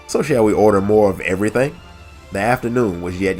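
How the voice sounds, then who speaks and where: A man narrates a game story in a measured audiobook manner, his voice low and noticeably nasal from allergy congestion. Between stories he speaks casually and warmly to listeners. Soft music sits quietly behind him. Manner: measured, friendly sign-offs. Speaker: lore channel narrator.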